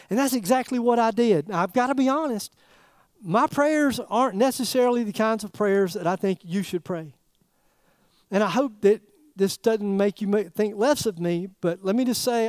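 A man preaching a sermon in a folksy, animated way, throwing rhetorical questions at the congregation. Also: sits high, smooth, no room sound, studio quality. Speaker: pastor.

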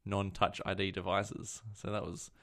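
A low, gravelly man's voice co-hosting a casual tech chat. He wanders through his stories, stopping to correct himself mid-sentence. The fry in his voice stays steady throughout. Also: normal speed. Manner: rambling, self-correcting storyteller. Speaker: podcast co-host.

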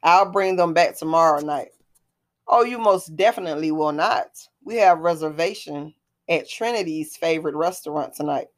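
A woman reading the part of a composed, defiant mother who stands her ground, in a low voice. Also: normal speed, natural voice. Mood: firm. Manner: firm, composed.

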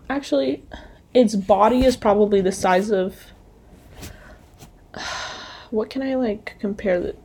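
A woman's voice: medium pitch, mellow. Chatty young woman rambling through a story. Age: young adult. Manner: rambling, chatty, lots of "like" and "anyways". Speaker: college student vlogger. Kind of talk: casual storytelling monologue. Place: dorm room.

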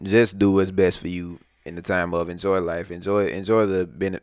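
A man talks in a relaxed, easygoing way. He swears freely and fills his speech with "like". The recording is dry and close. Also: deep voice, moderate pace, dry recording. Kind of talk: casual chat.

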